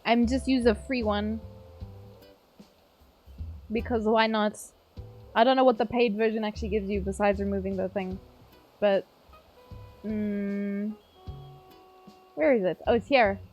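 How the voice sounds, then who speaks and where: A woman's voice: mid-range voice, fairly even intonation, unhurried, long pauses, a little mellow, soft background music. A woman live streaming a game, chatting casually and playfully with her viewers and swearing now and then. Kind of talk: casual live-stream chat while gaming.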